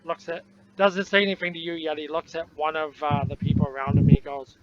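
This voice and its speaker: A man's voice: on the high side, brisk. A man narrating as game master in a tabletop game, describing the scene casually with fillers, on a dull lo-fi recording with faint noise.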